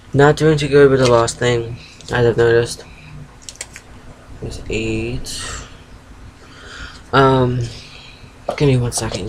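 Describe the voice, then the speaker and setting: The poor audio, with a faint hiss or hum, captures a mid-range male voice with a fading East Coast US accent. He's in his thirties, at home by a computer, feverish and sedated, making a casual confessional video diary. He rambles, speaks frankly, swears casually and interrupts himself.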